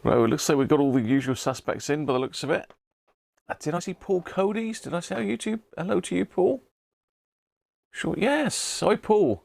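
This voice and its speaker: A man's voice: a little high, lively intonation, moderate pace, vocal fry, darkish tone, no echo. A middle-aged British man hosting a live stream, chatting casually and greeting viewers by name between frequent chuckles. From Britain. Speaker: live-stream host, radio restorer.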